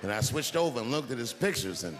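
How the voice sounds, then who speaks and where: A middle-aged man doing stand-up on a theater stage, telling stories animatedly and shouting some punchlines. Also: medium pitch, fast. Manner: animated storytelling, swings to loud shouted punchlines. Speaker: stand-up comedian. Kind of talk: stand-up comedy routine. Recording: big hall, loud crowd and noise. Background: audience laughter and applause.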